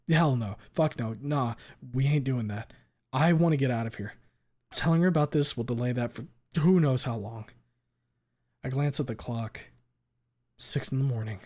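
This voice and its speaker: A man's voice: medium pitch, darkish tone. A man reading a visual novel aloud in the first person, dramatic, cursing freely and sometimes stumbling over words.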